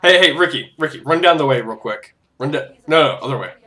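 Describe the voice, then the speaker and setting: Hyped gamer dude talking over gameplay, bright lively voice, swears a lot. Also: male voice, fast talker. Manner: excitable, swears, laughs and shouts in bursts. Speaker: gameplay commentator. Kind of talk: casual gaming commentary. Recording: noisy low-quality game capture audio.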